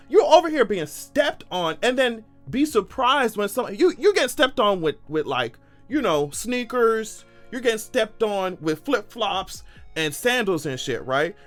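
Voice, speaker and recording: A man giving sarcastic, animated, profane commentary in a casual vlog. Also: extremely high pitch. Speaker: commentary vlogger.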